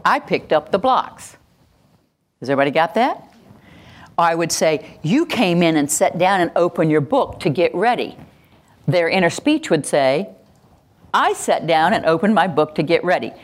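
Female workshop trainer; emphatic, low-pitched, keeps checking in with the audience. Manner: emphatic, repeats key phrases, checks in with the audience. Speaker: educator giving a workshop. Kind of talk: teaching lecture to a live audience.

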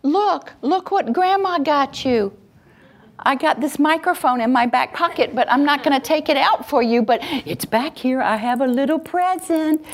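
A woman voicing a doting grandmother who coaxes a sad grandchild in a high, drawn-out, sing-song voice. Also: lively intonation. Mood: coaxing.

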